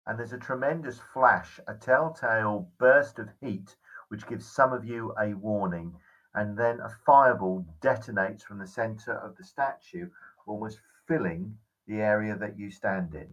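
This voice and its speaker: A man runs a tabletop game as its game master, his voice sitting low. He describes each scene at length, pausing now and then to find his words. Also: a bit bright, dull audio. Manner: descriptive, hesitant with fillers.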